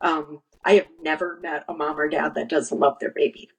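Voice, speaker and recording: Earnest woman telling stories, lowish voice. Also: little pitch movement, normal speed, vocal fry, highs cut off, a little hiss or hum. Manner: earnest storyteller, acts out quoted dialogue, many restarts. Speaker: guest, nursery founder. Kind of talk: conversational interview.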